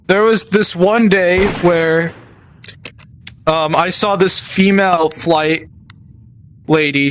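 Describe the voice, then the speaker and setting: A man's voice: a little high, fairly bright tone. Rambling young man telling stories. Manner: rambling, lots of fillers and restarts. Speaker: gamer telling military stories. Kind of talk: casual storytelling while gaming.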